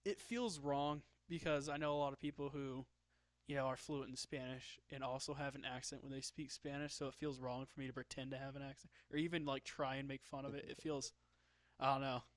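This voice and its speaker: A man's voice: mid-range voice, fairly even intonation, fairly quick, no room sound. A man chatting casually while drawing, joking about himself and laughing often. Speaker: streamer.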